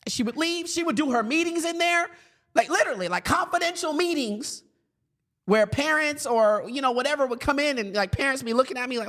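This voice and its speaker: A man in his thirties giving a storytelling talk to educators, acting out his younger self with a raised, lively voice. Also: very high voice, a little fast. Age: 30s. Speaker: speaker for educators.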